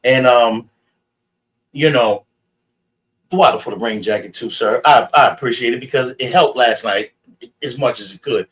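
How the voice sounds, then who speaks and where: Animated man telling a story. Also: medium pitch, moderate pace, pauses often, recorded from a distance, poor audio. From New York City. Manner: animated storytelling, acting out both sides of an argument. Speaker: class member. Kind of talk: storytelling to the class.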